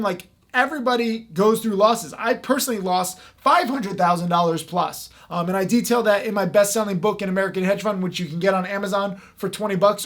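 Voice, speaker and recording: A man talking straight to the camera as a trading educator, speaking in a fast, emphatic way with plenty of fillers. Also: high-pitched. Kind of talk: direct-to-camera talk.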